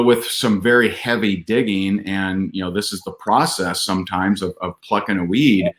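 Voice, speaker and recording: Man, low voice, candid storytelling, restarts and fillers, roomy echo. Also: fairly bright tone. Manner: earnest, with many restarts and fillers. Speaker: podcast guest.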